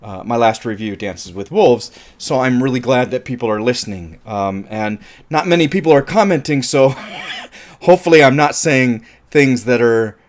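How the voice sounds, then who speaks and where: A man's voice: mid-range voice, moderate pace. An American man from California talking casually through an unedited movie review video, chatty, rambling and self-deprecating. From California, USA.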